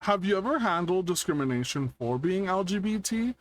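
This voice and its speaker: A man hosting a casual interview over a video call, asking questions in a lively voice and laughing often. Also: sits high, fairly quick. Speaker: interview host.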